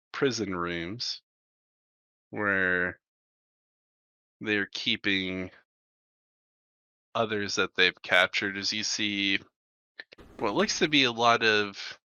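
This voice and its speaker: A man's voice: on the low side, bright, forceful tone, smooth, dry recording. A man narrating a tabletop game as game master, talking loosely with lots of fillers, on a dull muffled desk mic.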